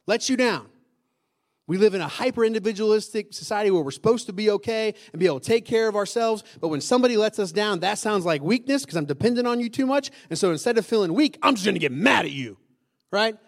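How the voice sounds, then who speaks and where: A man's voice: sits high, expressive, fast talker. A man preaching a sermon to a congregation in a conversational style, often asking the room questions and repeating key lines for emphasis. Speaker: pastor.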